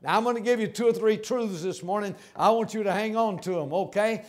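A pastor with a high, ringing voice delivers his sermon in a folksy, emphatic style. He repeats phrases and stumbles into quick restarts.

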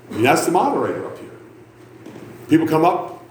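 A man's voice: a little high, big pitch swings, a little fast, echoey room, slight background noise. Rowdy preacher in his fifties. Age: 50s. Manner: loud, rowdy and self-mocking, with sudden shouts. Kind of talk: sermon. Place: church sanctuary.

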